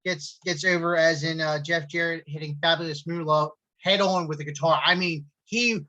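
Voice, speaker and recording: A man's voice: fairly high pitch, steady tone, moderate pace, bright, forceful tone. Hesitant man on a muffled mic. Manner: hesitant, repeats words, chuckles. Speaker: podcast co-host. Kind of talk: casual wrestling podcast chat.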